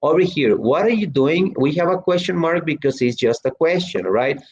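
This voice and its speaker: A chatty man teaching English online reads student chat aloud at normal speed, his voice on the high side. He restarts and uses fillers a lot, and his audio is slightly dull.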